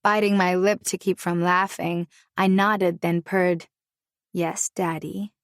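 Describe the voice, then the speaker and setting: Woman reading a steamy romance story, lowish voice, playful and wry, dry sound. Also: flat delivery, a little slow, clean tone, dry recording. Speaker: narrator. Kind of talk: first-person romance audiobook narration.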